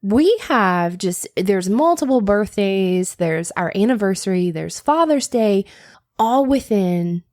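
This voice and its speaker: A woman co-hosting a podcast in casual chat, playful and quick to laugh. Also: medium pitch, animated, a little mellow, no echo, clean studio sound. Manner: playful, laughs often, acts out quoted voices. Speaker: podcast co-host.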